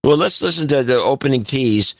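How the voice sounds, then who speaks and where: A man's voice: mid-range voice, expressive, fairly quick, no room sound. A man co-hosting a podcast in casual chat, giving wry, mocking commentary. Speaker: podcast co-host.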